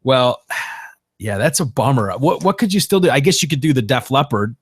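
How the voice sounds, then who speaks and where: A man's voice: medium pitch, expressive, moderate pace, breathy edge, dry recording, clean studio sound. A man hosting a podcast, chatting casually and joking with a co-host, laughing often.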